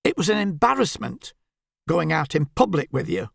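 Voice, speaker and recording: Nagging wife, prim and fussy, as a male narrator puts her on, with a gravelly edge. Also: fairly high pitch, sing-song, normal speed, fairly bright tone, no echo, full character voice. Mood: scolding. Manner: prim, scolding, censorious. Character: bossy, nagging, fussy middle-aged Englishwoman.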